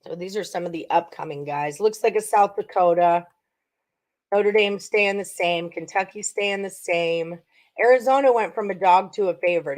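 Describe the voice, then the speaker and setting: A woman with a fairly low pitch and darkish tone hosts a casual sports betting livestream. She chats in a rambling way, with frequent ums and laughter.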